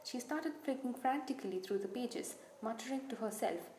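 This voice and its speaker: Lady reading a storybook out loud, bit high, soft mellow tone, echoey room. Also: expressive, normal speed, a little hiss or hum. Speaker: audiobook narrator. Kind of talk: scripted narration.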